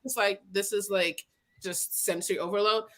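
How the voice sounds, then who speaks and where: A woman co-hosting a casual podcast chat, telling stories with lots of laughter and quick impressions of other people. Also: mid-range voice. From Nigeria. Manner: animated storytelling, mimics other voices, laughs often. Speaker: podcast co-host.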